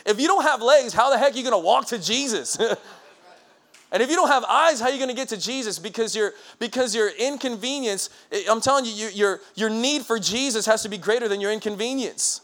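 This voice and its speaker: Man pastor, high voice, animated lively sermon with chuckles, church stage. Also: a little fast. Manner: lively, conversational preaching with laughs and acted-out quotes.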